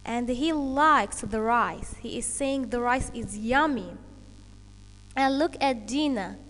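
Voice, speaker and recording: A woman teaches English to children in a high, slow voice. She explains each point carefully and checks in with "okay" along the way. Her voice carries a long reverb. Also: a bit bright. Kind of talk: online English lesson for children.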